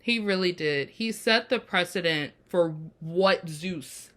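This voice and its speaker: A woman hosting a casual TV episode review, talking in an animated, expressive way and laughing easily. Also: fairly low pitch, takes it slowly. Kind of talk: casual chat.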